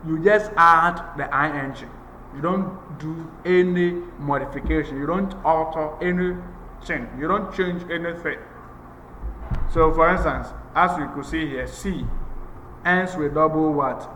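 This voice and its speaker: A man teaching English grammar in a slow, methodical lecture, repeating each point for emphasis. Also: a little high, sharp tone, slight background noise. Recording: echoey room with long reverb.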